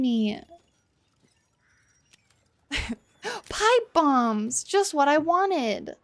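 Streaming a horror game for the first time, this woman has a high, sing-song voice with drawn-out words and frequent pauses. Jumpy, she curses when startled and apologizes to the characters in her live commentary.

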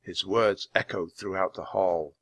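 A man narrating a children's storybook at a clear, steady pace for English learners. His voice is gravelly and bright. The recording is dry and close, with no room sound. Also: deep voice, unhurried, dry recording. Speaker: storybook reader.

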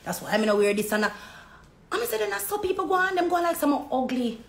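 A woman's voice: high voice, fast, gravelly. A woman with a Jamaican accent chatting casually on a phone livestream from a hair salon. She tells stories in patois and acts out the voices of the people she quotes. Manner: animated storytelling in patois, acting out quoted voices. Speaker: social media personality. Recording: echoey room with faint background noise.

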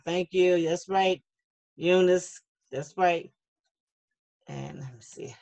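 A woman's voice: lowish voice, takes it slowly, vocal fry, long pauses, a little mellow, muffled recording. Lady running a kids' zoom class, chatty, reads the chat out, kinda encouraging. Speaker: online youth class leader. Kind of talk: casual online class for kids. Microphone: video call.

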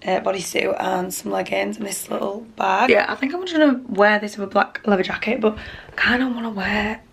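A woman's voice: medium pitch, brisk, creaky, fairly bright tone, slight background noise. A young woman chatting candidly to camera in a home vlog, grumbling and sometimes dropping to a murmur. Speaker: vlogger. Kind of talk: casual vlog chat. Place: at home, bedroom.

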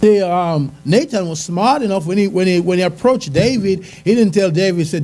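High-voiced man giving a sermon. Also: big pitch swings, moderate pace, warm tone. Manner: conversational, chuckling, asks the audience. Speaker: church speaker. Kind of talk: sermon testimony. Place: church.

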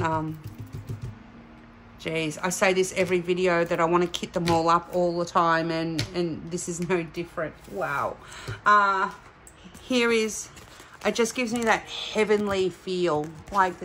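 A chatty woman hosts a casual unboxing vlog, her voice bright and crisp, sitting a touch low. She talks straight to her viewers. There is a faint ambient hiss behind her. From Australia. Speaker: diamond painting channel host.

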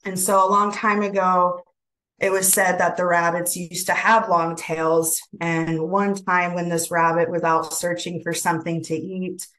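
A woman presenter telling a traditional folk tale in a gentle, unhurried way, with frequent fillers. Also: fairly low pitch, level tone, poor audio. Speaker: webinar presenter. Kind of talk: oral storytelling.

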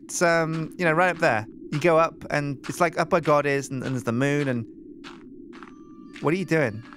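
A man hosting a game let's play, chatting in an animated, rambling way and thinking aloud. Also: a little high, normal speed, music in the background. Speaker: host.

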